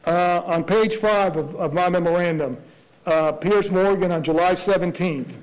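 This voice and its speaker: A prosecutor arguing a motion before a judge, earnest, with many rhetorical questions and restarts. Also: male voice, sits high, normal speed, low-quality recording. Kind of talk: courtroom argument.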